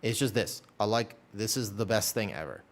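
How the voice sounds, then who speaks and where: Male streamer, young adult, animated pitch, rambling casual chat, swears freely. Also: normal speed.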